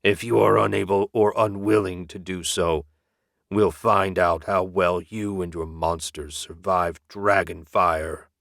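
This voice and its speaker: A man voicing a cold, commanding male dragon in an audiobook, speaking slowly and with threat. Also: sits low, fairly even intonation, gravelly, a bit bright, no echo, studio quality, exaggerated voice. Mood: menacing. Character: commanding, menacing male dragon in human form. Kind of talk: audiobook character voice.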